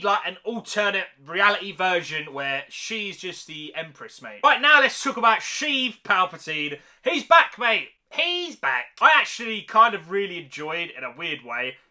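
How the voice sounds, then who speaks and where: Speaking in a high-sitting voice, a young man reviews a film casually and excitedly. He packs in slang and keeps tacking "mate" and "man" onto his sentences.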